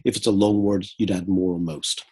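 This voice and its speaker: A man giving a brisk, corrective lesson on an essay, reading lines aloud and commenting on the mistakes. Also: deep voice, steady tone, mellow, slightly rough. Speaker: English writing tutor.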